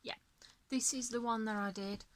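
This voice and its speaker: A woman's voice: a little high, fairly even intonation, moderate pace, fairly bright tone, slight background noise. A tired woman chatting casually about her coloring pages, yawning and apologetic. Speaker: coloring channel host. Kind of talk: casual show-and-tell chat.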